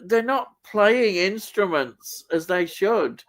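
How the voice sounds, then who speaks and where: A man hosting a livestream, chatting casually and slowly thinking aloud, with frequent fillers and a mild rant. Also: high voice, lively intonation, fairly bright tone. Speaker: livestream host. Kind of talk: casual chat.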